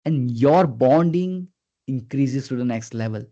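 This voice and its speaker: A man leading a live online training session as a communication skills trainer, earnest and coaxing, who keeps prompting his listeners and swings his pitch up and down on purpose. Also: animated, a little slow, dark tone. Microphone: video call. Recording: dull lo-fi video call audio.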